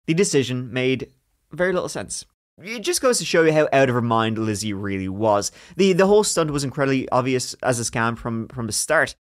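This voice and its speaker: Co-hosting a podcast, a man recounts a true-crime tale lightly and jokingly, breaking into laughter between sections. He speaks at a medium pitch, expressively and briskly.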